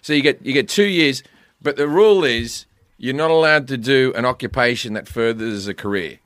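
A man's voice: mid-range voice, normal speed, fairly bright tone, no echo, clean studio sound. An Australian man, a comedian, chatting casually and telling stories with a joking, swearing manner. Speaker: guest comedian. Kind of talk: casual podcast chat.

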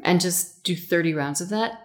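A woman with a low voice hosts a relaxed podcast conversation over a video call. She talks fast and eagerly, piling one thought onto the next. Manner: animated, quick-talking, self-described fast speaker. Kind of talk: casual conversation.

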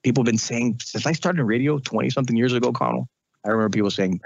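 A man who is a radio and podcast host, talking casually in an interview and telling animated stories. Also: medium pitch, quick pace, gravelly, no room sound, highs cut off. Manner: animated storytelling, mimics relatives.

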